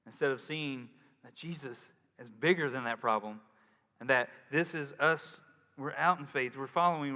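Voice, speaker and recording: Animated male pastor preaching in a reverberant hall. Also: mid-range voice. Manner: casual, animated preaching with acted-out quotes. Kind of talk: sermon.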